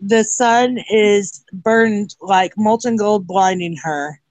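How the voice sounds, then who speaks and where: Book club member, mid-pitch, rambling summarizer, dry close sound. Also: slow pace, no echo, poor audio. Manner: rambling, many fillers while summarizing. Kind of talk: casual group chat over video call.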